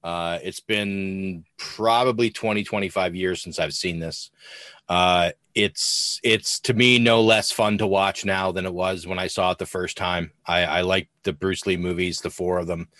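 A man co-hosting a casual film chat, replying in a relaxed, easygoing way. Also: sits low, unhurried, no echo. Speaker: podcast co-host.

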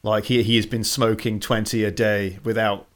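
Male co-host, casual chat, jumps up in pitch when worked up. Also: moderate pace. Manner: animated, jumps higher when excited or joking. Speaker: podcast co-host. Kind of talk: casual chat with plot summary.

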